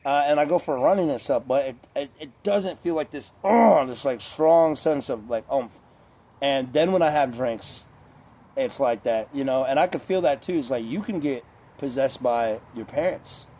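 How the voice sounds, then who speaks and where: Rambling mellow-voiced man. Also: medium pitch, normal speed. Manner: rambling, swears often, heavy on filler words. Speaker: vlogger. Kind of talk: casual monologue.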